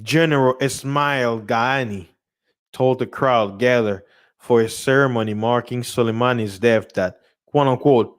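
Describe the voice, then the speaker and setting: A young man talks through news stories on his own livestream, drifting off topic and repeating himself. His voice sits in an ordinary middle pitch. He laughs often and keeps the tone casual and unscripted. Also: a little slow. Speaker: channel host reading news.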